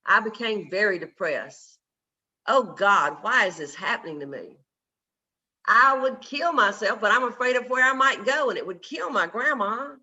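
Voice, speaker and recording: A man's voice: high-pitched, animated, moderate pace, bright, forceful tone, heavily acted. A man reading out the lines of a troubled, hopeful young man from a small town, telling his life story in an earnest first-person way. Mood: sorrowful. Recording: dull lo-fi video call audio.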